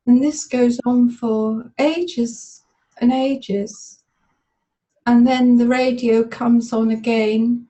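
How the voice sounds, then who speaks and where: A woman volunteering in a therapy demonstration, tearfully recalling a memory aloud in the present tense with halting, stop-start phrasing over webinar call audio. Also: a little high, fairly even intonation, mellow, low-quality recording. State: tearful, emotional.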